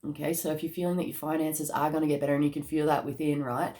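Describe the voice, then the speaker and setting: A woman doing a casual tarot card reading, chatty and excitable, with casual slang and bursts of laughter. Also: deep voice, quick pace.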